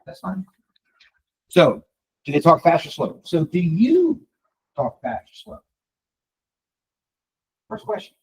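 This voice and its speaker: Fast-talking animated male trainer. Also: fairly high pitch, slight background noise, low-quality recording. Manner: fast, animated, addresses the room directly. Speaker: real estate trainer. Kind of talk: live workshop teaching. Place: meeting room with a live audience.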